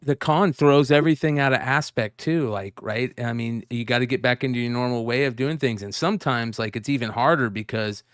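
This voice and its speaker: A man co-hosting a casual podcast chat, chatty and quick to agree. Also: medium pitch, a bit bright, clear, resonant tone, no room sound, studio quality.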